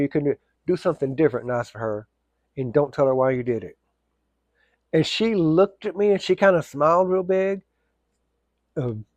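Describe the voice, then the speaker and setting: A man's voice: on the high side, darkish tone, no room sound. A man telling a casual, rambling story, full of fillers and restarts.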